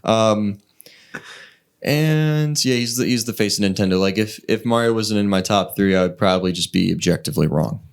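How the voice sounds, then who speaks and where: A low-voiced man co-hosting a podcast, chatting casually. He rambles, stops to restart his sentences, and fills gaps with ums and likes. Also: moderate pace, clean tone. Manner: rambling, filler-heavy, hesitant restarts. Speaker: podcast co-host. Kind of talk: casual chat.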